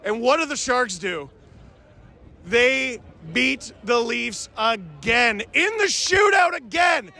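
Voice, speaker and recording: A man in his thirties, a hockey fan commentator, delivering a loud, yelling rant. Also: very high-pitched, very animated, slow pace, creaky.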